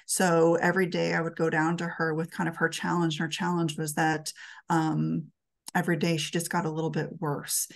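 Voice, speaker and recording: A middle-aged woman tells an emotional story to an audience. Her voice sits low and has a gravelly fry to it. She talks earnestly, in a storytelling manner. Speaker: speaker at a talk. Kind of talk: storytelling talk.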